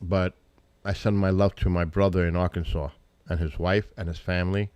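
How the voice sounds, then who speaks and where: A middle-aged man hosting a live stream, chatting casually and rambling between searches and loud exclamations. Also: sits low, little pitch movement, normal speed, clean tone, no room sound. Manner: rambling, talks to chat and family, breaks into loud exclamations.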